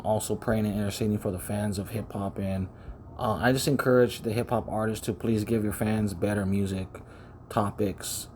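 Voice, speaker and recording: Man, rambling solo preaching, repeats words, lowish voice, faint background hum, close mic. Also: darkish tone. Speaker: self-styled preacher. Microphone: close to the microphone.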